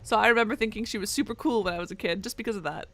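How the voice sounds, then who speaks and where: A woman's voice: mid-range voice, racing, fairly bright tone. A young woman doing let's play commentary, joking and swearing as she reacts to the game. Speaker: gaming streamer.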